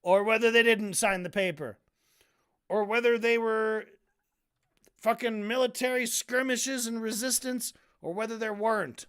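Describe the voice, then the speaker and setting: This streamer recaps a debate in casual ranting commentary, with a mid-range, fairly bright, smooth voice that holds a steady tone at a measured pace. Sarcastic and heated, he swears often and sometimes trips over repeated words.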